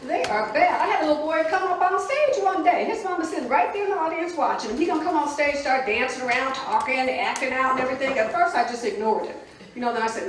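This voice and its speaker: A middle-aged woman performs stand-up in a large hall before a live audience, her high, animated voice moving at a quick clip. Sassy and chatty, she teases the crowd about marriage and motherhood. The recording is distant and echoey, full of laughter and crowd noise.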